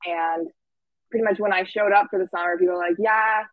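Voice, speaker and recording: A woman's voice: on the low side, quick pace, dry recording, rough recording. A young woman telling a camp story in a casual, chatty way, full of fillers and quoted voices. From Washington State. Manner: chatty, lots of "like" fillers, lively quoting. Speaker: camp staff guest.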